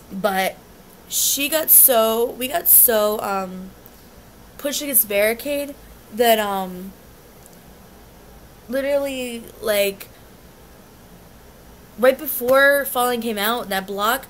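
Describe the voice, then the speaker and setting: A woman's voice: on the high side, fairly bright tone, slight background noise. A young woman telling a concert story in a casual vlog, agitated and rambling, often restarting and swearing. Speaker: concert fan recounting an experience.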